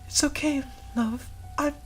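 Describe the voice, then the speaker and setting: A woman's voice: sits high, steady tone, unhurried, faint music behind. Yuri, a woman voicing a tender devoted girl. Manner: soft, tender, hushed delivery. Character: Yuri, gentle devoted young woman comforting her love. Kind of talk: first-person visual novel narration.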